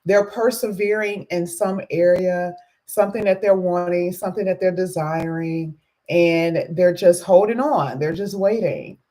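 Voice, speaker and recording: A woman runs a live tarot reading, her voice still low from having just woken up. She is chatty and greets her viewers one by one as she lays out the cards. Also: measured pace, warm tone. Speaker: tarot reader.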